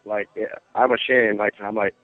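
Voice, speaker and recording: A surf instructor calls in to a show and casually tells a surfing story, animatedly acting out the voices of the people in it. His voice sits on the low side at a moderate pace, and the phone line sounds dry and tinny.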